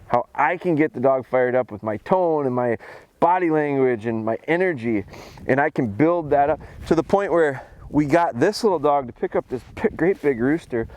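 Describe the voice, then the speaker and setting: Male dog trainer outdoors, steady explanatory delivery, mid-pitched. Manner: calls dogs in a high excited voice, then explains calmly. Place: outdoors in snowy field.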